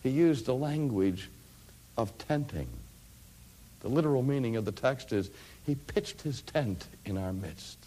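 A middle-aged man preaching a sermon, telling stories and swinging from hushed, quiet phrases to loud, rising climaxes. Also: medium pitch, husky.

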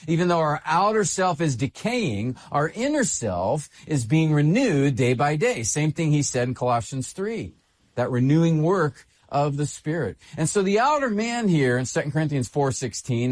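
Male pastor, sermon delivery, animated intonation, repeats key phrases. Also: a little high. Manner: expressive preaching, repeats phrases for emphasis.

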